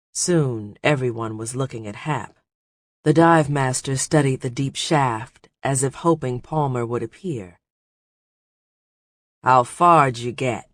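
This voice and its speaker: A man narrating an adventure audiobook in a steady, measured storytelling voice. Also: medium pitch, no echo, clean studio sound. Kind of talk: scripted narration.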